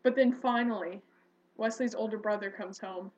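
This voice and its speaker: A woman's voice: mid-range voice, normal speed, darkish tone. A young woman telling a personal story casually, rambling with fillers and self-corrections. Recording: dull lo-fi recording.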